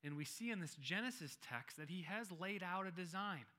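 A male pastor delivers a sermon in a bright, forceful voice pitched a touch above most men's. He reads scripture slowly and deliberately, then leans on key phrases and repeats them for emphasis. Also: expressive.

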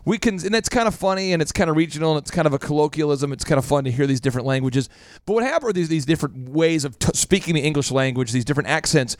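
High-voiced man coaching with playful accent bits. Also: very fast, dry recording, clean studio sound. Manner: animated, drops in mock regional accents for jokes. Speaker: business coach and show host. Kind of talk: casual podcast talk with lessons.

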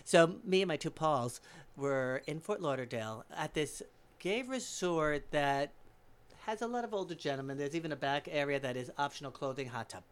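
A man guesting on a chat podcast, telling a story in a cheeky, animated way. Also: fairly high pitch, normal speed, clean tone. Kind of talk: casual chat, telling an anecdote.

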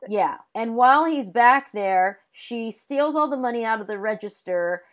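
A woman on a chatty podcast, walking through a movie plot with lively energy and slipping into quick voices for each character. Her voice sits a little high for a woman. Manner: animated retelling, acts out characters' lines. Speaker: podcast co-host. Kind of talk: casual movie recap chat.

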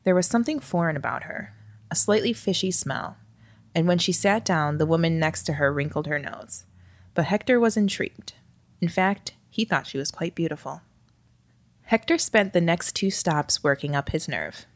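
A woman narrating a scripted story in a wry, lightly expressive reading voice. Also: on the low side, normal speed, no room sound.

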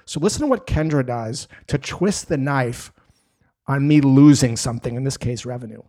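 A man with a medium-pitched voice teaches sales techniques. His delivery is energetic and emphatic, and he tells stories to make each step clear. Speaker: sales trainer. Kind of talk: instructional talk to camera.

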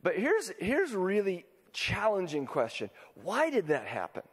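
A man's voice: sits high, wildly swooping pitch, unhurried, husky, long reverb tail. A man preaching a sermon as pastor, talking casually and often checking in with his listeners by asking them questions. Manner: conversational, asks the congregation questions.

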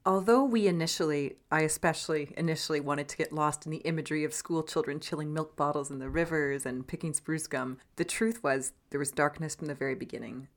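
A woman's voice: sits low, a little fast, few pauses. A woman co-hosting a podcast, narrating from a script in an earnest, storytelling way. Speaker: podcast co-host.

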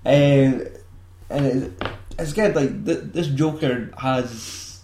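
A man's voice: medium pitch, slow, dark tone, a little hiss or hum. A man chatting casually about a film, swearing often, laughing and acting out lines in silly voices. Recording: roomy echo.

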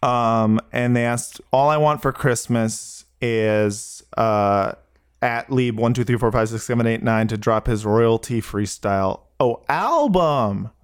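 A man's voice: mid-range voice, a little slow, smooth. A man co-hosting a podcast in loose, joking banter, laughing often. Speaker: podcast co-host.

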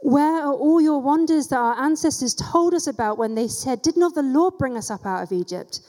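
A fearful young farmer hiding from raiders, answering with polite, passive-aggressive protest. A woman reads him aloud in a soft, mellow voice. A long reverb trails behind every line. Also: high-pitched, animated, normal speed, voice pushed up. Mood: pleading.

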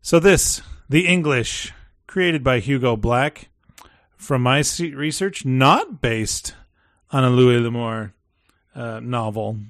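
Slow-talking, rambling podcast host man. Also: medium pitch, gravelly, no echo, studio quality. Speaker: podcast host reviewing a show. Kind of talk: casual chat.

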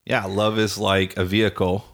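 Low-voiced playful man co-hosting. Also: flat delivery, moderate pace, fairly bright tone. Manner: playful, rambling, teasing. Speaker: podcast co-host. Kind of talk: casual relationship podcast chat.

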